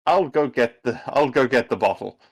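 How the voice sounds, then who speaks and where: A man voicing a calm, unhurried helper who keeps correcting a mechanic, pitched somewhat higher than his own voice. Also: natural voice, rough recording. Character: calm, fussy know-it-all male mechanic's helper.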